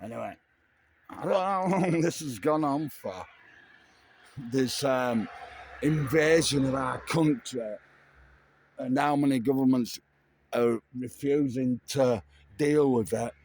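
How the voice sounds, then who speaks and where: A tipsy middle-aged man with a medium-pitched, slightly mellow voice rambles through a late-night vlog monologue in a slow drawl. He meanders and swears casually, with slight background noise behind him.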